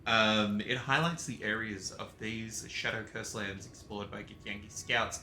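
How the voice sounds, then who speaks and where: A man's voice: fairly low pitch, steady tone, unhurried, hardly any pauses, roomy sound, background noise. A man giving casual, meandering commentary as he plays a video game, chatting to his cat along the way. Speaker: gaming streamer. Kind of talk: casual let's-play commentary.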